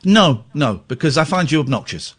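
A man hosts a late-night radio phone-in in a slightly raised voice. His pitch swings widely as he teases callers and gushes with theatrical delight. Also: expressive, normal speed, slightly rough. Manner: playful, teasing, bursts of exaggerated delight.

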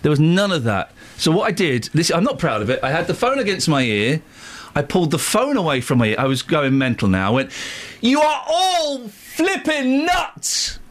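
A man hosting live radio from a studio, ranting through a story in an animated way and voicing each side of the quarrel. His pitch sits a little high and swoops about freely. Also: fast. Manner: animated, acts out both sides of arguments. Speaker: radio host.

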